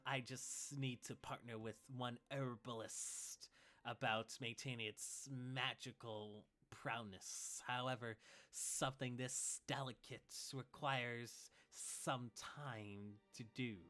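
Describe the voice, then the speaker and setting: A man voicing a shrewd male serpent-man smith, speaking in a rough, gruff voice with slow, deliberate haggling. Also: medium pitch, fairly even intonation, bright, forceful tone, faint music behind. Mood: gruff, businesslike.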